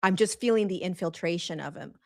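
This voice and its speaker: A woman hosting a live spiritual talk show, speaking earnestly and emphatically, repeating phrases for stress and slowing right down on key words. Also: on the low side, creaky. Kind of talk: live-streamed spiritual monologue.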